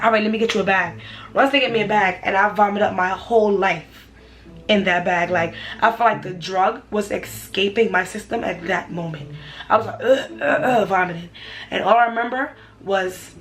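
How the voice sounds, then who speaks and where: A young woman, casually retelling a personal story for her vlog, animated and repetitive. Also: medium pitch, poor audio. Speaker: vlogger.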